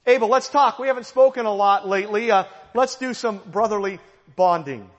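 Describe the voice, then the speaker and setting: Brief: a man putting on a coaxing, falsely friendly schemer, fairly high voice, long hall reverb. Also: fairly quick, muffled recording, lightly acted. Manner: sweet-talking, coaxing. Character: scheming young man luring his brother with false friendliness.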